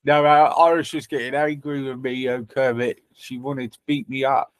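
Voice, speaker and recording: A man's voice: mid-range voice, a little slow, fairly bright tone, no echo. A man hosting a livestream, chatting casually and teasing viewers with banter and swearing. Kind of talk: casual chat.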